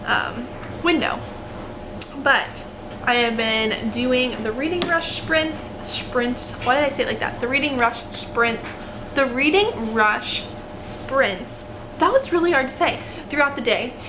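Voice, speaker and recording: A woman's voice: fairly high pitch, noisy background. A young woman talking casually at home in a reading vlog, chatty and self-deprecating, often laughing. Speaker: book vlogger. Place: home, kitchen table by a window. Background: washer and dryer running.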